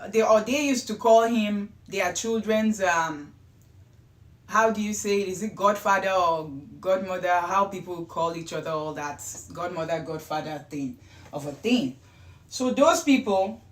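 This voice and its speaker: A woman hosting a show, telling a true-life story in a chatty, rambling way with excited bursts. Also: medium pitch. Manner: chatty, wandering asides, gets louder and excited at times. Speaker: host. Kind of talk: casual storytelling. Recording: roomy echo.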